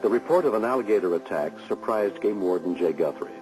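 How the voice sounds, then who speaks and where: A man narrates a true rescue story. His voice sits very low and moves fast. Music plays beneath him. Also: expressive, poor audio. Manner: brisk, matter-of-fact. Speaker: show narrator. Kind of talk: scripted documentary narration. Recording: music underneath.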